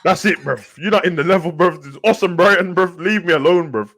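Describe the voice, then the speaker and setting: A man with a Birmingham accent, co-hosting a casual football chat and talking in an animated, slang-heavy way. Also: high voice, fairly quick. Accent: Birmingham English. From Birmingham, England. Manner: animated, slangy, repeats "bruv". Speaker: co-host.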